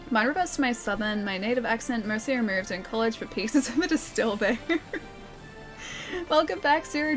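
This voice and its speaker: Young Australian woman, game streamer, bright and a little high, chatty, laughs a lot. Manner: chatty, laughs often, answers chat. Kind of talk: casual live-stream chat.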